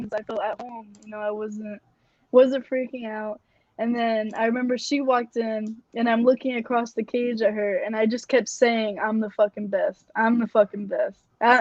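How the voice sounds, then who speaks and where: A woman's voice: a little high, darkish tone, dry recording. A young woman, a fighter guest in a casual interview, telling her story candidly with plenty of swearing. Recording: dry, dull lo-fi audio.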